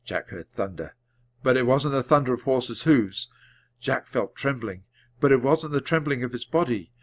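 A man narrates a children's book aloud in a measured, clear reading voice. His pitch sits in an ordinary middle range, and he keeps a steady natural pace for listeners learning the language. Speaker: audiobook reader. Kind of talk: storybook narration read aloud.

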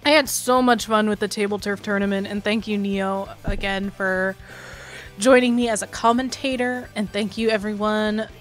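A woman's voice: medium pitch, steady tone, faint music behind. A woman streamer chatting casually and rambling, laughing easily and talking straight to her viewers. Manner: chatty, rambling, quick laughs, addresses chat. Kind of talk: casual live-stream chat.

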